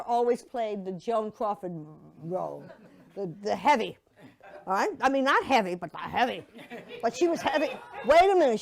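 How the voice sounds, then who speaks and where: An older woman telling stories to a church audience in a chatty, playful way, slipping into mocking put-on voices. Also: medium pitch. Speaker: speaker giving a memorial slideshow reflection. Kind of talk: casual storytelling to an audience.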